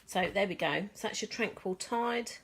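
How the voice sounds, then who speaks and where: A woman demonstrating craft products in a casual vlog, bubbly and gushing, often laughing at her own excitement. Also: mid-range voice, moderate pace, background noise. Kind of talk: casual show-and-tell vlog.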